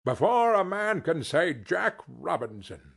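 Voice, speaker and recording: A man voicing a jovial, stout old merchant who calls out heartily, in a slow, husky audiobook reading. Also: a little high, sing-song, voice pushed up, exaggerated voice. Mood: jolly. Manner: hearty, shouting, laughing.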